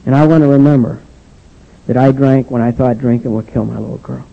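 An older man giving a personal testimony speech about his recovery, halting and restarting often with "and, uh". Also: medium pitch, steady tone, vocal fry. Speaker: speaker sharing his recovery story. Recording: dull lo-fi recording.

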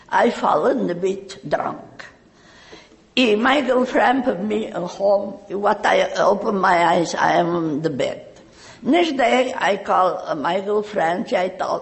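Older spanish lady, broken english, laughs a lot, a bit of gravel in her voice. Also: mid-range voice, in a large hall. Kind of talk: personal storytelling.

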